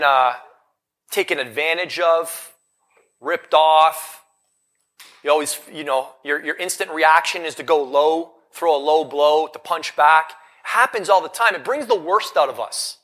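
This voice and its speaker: Male motivational speaker, thirties, live seminar, bright voice pitched a little high, punchy questions to the crowd. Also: unhurried. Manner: energetic, rhetorical questions to the audience. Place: event hall in front of a live audience.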